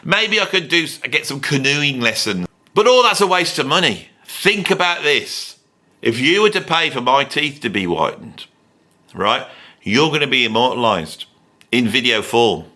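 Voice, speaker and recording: Animated and sharp in tone, this mid-range British voice moves at a normal pace. The middle-aged YouTube music commentator rambles through a casual outro, poking fun at himself and playfully begging the audience.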